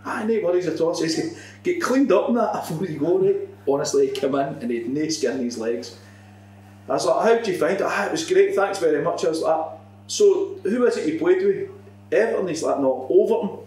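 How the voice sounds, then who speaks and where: A man, a former football manager, telling a swearing, animated anecdote in a casual podcast chat. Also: fairly high pitch, fairly quick. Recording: echoey room, distant mic, faint hum.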